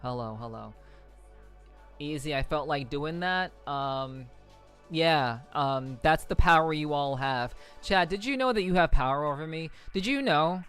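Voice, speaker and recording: A man with a somewhat high voice rambles playfully to his live-stream chat, full of fillers and repeats. He keeps it loose and casual, like a streamer warming up before a game. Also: a little slow, faint music behind. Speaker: VTuber streamer.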